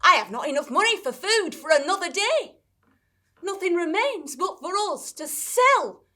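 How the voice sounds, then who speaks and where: A poor mother wails over her ruin in grand, old-fashioned words, as a woman acts her out, tearful and theatrical. Her voice rides very high and bright. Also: sing-song, normal speed, exaggerated voice.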